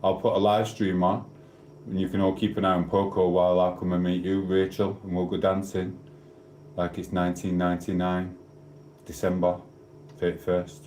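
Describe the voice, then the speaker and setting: A South Yorkshire man livestreams from an echoey room, chatting casually, rambling, and trading cheeky banter with viewers' comments. His voice sits low with a completely flat delivery at a moderate pace, slightly mellow, over a little hiss or hum.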